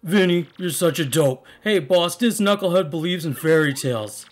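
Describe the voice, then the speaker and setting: A man speaks in a fairly high, lively voice at a normal pace, pitched above his natural register yet still close to everyday speech. He's playing a menacing male mob thug with a put-on Italian mobster accent, sneering and threatening.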